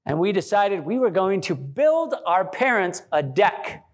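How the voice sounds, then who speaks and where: A man pastor delivering a sermon in a church, animated and joking, acting out quotes. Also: sits high, unhurried. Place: church sanctuary.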